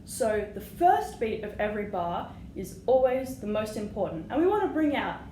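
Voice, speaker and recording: A woman's voice: medium pitch, big pitch swings, moderate pace, mellow. Encouraging woman flute teacher, echoey room. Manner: patient, encouraging, sings note rhythms. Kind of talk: music lesson. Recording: echoey room with audible noise.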